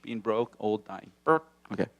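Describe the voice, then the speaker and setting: A stand-up comedian from Hawaii performing in a small comedy room on a handheld stage mic, playful and animated, often dropping into silly voices. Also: male voice, moderate pace. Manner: animated, playful, slips into character voices and movie-trailer deep voice.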